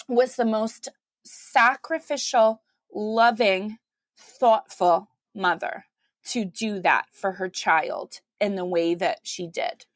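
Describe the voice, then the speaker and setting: A woman who is a guest on a podcast, telling her story in a conversational way and acting out the quoted voices with big jumps in pitch. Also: steady tone, slow pace, no echo. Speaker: podcast guest, mother of five.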